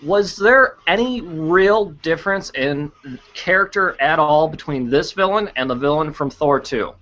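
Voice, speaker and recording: A man's voice: on the high side, lively intonation, a little slow, pushed and bright. A man co-hosting a casual podcast chat, blunt and sarcastic, swearing freely. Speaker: podcast co-host. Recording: dull lo-fi podcast audio.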